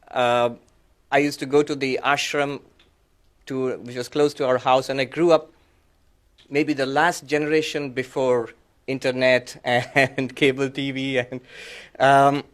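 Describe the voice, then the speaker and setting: A man who is a monk, giving a reflective, conversational talk to an audience with many fillers and restarts, and explaining ideas patiently step by step. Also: medium pitch.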